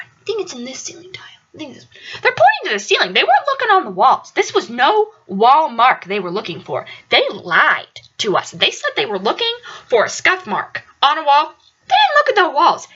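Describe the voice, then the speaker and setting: A young woman casually telling a story about her apartment, acting out the quotes with big swings in her voice. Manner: animated, acts out quotes with big pitch jumps. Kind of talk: casual anecdote. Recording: dull lo-fi audio.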